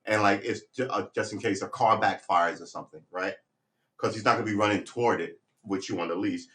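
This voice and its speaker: A man's voice: on the low side, brisk, fairly bright tone. A man rambling casually on a live stream, talking to viewers and to his puppy, switching to firm commands.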